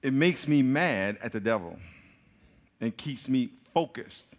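A man preaching a sermon to a crowd in a lively, joking way, speaking straight to them. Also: medium pitch, a little slow. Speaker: pastor. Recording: long hall reverb.

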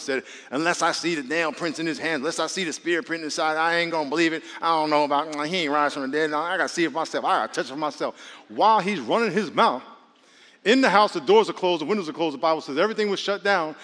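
A man's voice: a little high, long reverb tail. A man preaching a sermon as pastor, joking and calling out questions to the congregation. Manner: lively, joking, calls on the congregation.

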